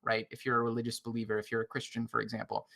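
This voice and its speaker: A man's voice: mid-range voice, completely flat delivery, rapid-fire, creaky, fairly bright tone. A man co-hosting a roundtable film podcast, reflective and philosophical, often checking in with "right?". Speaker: podcast co-host.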